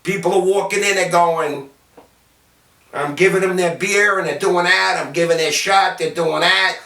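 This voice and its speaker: A man from City, telling salty anecdotes about his bartending days in a lively, gesturing way. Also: sits high, normal speed, vocal fry. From Jersey City, New Jersey, US. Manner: animated, gestures while talking, salty. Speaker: storyteller, former bartender. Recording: roomy sound from a distant mic.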